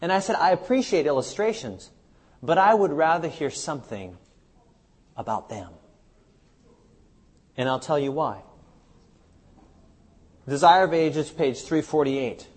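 A man's voice: a little high, sing-song, unhurried, long pauses, a little mellow, husky. A man preaching a sermon at a seminar, asking his audience many rhetorical questions. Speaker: seminar speaker. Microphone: live seminar recording.

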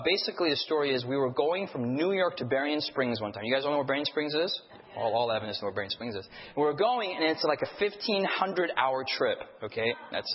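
A man delivers a lively sermon, often throwing questions back at the congregation. His voice sits a bit high for a man. It sounds dull, and a long reverb trails behind it in a big church hall. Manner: lively, quizzes the congregation with call-and-response questions. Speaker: preacher. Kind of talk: sermon with storytelling.

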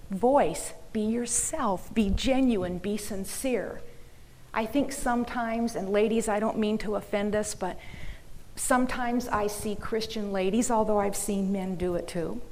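A woman's voice: mid-range voice, darkish tone. A woman giving an earnest, emphatic talk to a church audience, sometimes dropping into a mocking whisper. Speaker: speaker. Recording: reverberant hall.

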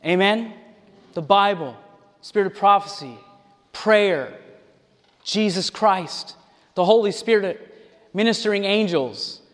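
Animated high-voiced male preacher in a reverberant hall. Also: slow pace, long pauses. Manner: animated, acts out quoted voices. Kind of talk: sermon.

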